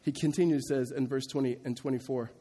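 A man's voice: steady tone, fast talker, warm tone, husky. A man preaching an expository sermon, reading scripture and explaining it in a conversational way that grows emphatic. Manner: conversational, turning emphatic and rising in pitch and volume. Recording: long hall reverb.

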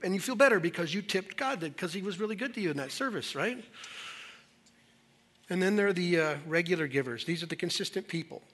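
Pastor guy preaching, bright ringing voice, kinda high, gets punchy and emphatic. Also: expressive, a little fast. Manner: emphatic, conversational preaching with rising intensity. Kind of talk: sermon. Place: church service.

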